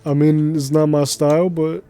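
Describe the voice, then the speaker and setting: A man streaming a game talks casually to his chat, rambling from one story to the next with plenty of slang. His voice is mellow and dark and stays very flat in pitch, with faint music playing underneath. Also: normal speed. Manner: rambling, slangy, laughs easily. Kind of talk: casual chat while gaming.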